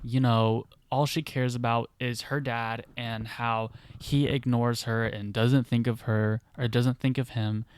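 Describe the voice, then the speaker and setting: A man's voice: mid-range voice, flat delivery, measured pace, few pauses, clean tone, dry recording, close to an everyday voice. A man voicing a hurt, angry teenage brother who lashes out defensively in a lightly acted retelling.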